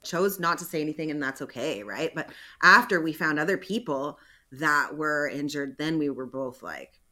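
A woman guest on an interview podcast, telling her story in a casual, animated way and acting out past conversations. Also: deep voice, normal speed. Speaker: guest, filmmaker.

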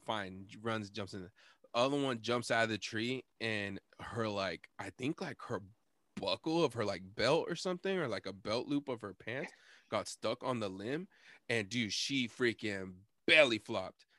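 A man's voice: on the low side, measured pace, sharp tone, dry recording. A young man hosting a podcast, telling a story in a casual, rambling, profane way and laughing often. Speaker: podcast host.

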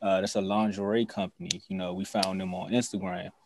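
A man hosting a podcast in a casual, joking way, reading a sponsor spot and spelling things out slowly. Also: low-pitched, flat delivery, noisy background. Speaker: podcast host. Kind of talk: casual podcast chat with an ad read.

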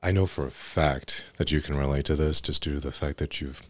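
A man's voice: a bass voice, fairly even intonation, fairly quick, no room sound. A young man, an EMT guest on a podcast, telling work stories casually, with restarts and frequent "right?" tags.

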